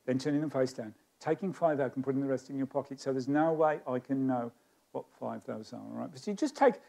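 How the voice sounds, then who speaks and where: A man's voice: mid-range voice, a little fast, vocal fry, mellow. A man performing live stage magic, chatting with volunteers in a self-mocking, joking way. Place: stage of a magic society hall.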